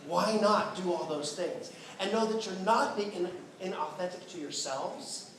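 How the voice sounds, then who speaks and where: A man coaching a choir in rehearsal, lively and playful, encouraging the singers. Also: sits high, moderate pace. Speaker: choir clinician. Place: large school auditorium. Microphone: distant room mic. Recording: echoey hall, distant mic, noisy.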